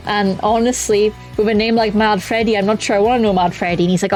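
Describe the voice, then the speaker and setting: A woman's voice: medium pitch, fairly even intonation, fast, a little mellow, faint music behind, poor audio. A young woman chatting casually to her stream viewers, talkative and self-mocking.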